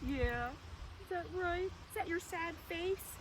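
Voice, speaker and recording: A woman leading a children's lesson in a goat yard, animated and sing-song as she talks to the kids and her goats. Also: very high-pitched, slow pace. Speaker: children's librarian. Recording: noisy outdoor goat yard.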